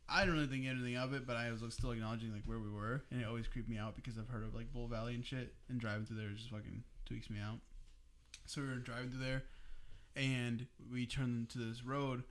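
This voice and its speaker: A young man co-hosting a podcast, telling a story casually among friends in an animated way, swearing freely and laughing as he goes. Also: mid-range voice, quick pace. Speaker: podcast co-host.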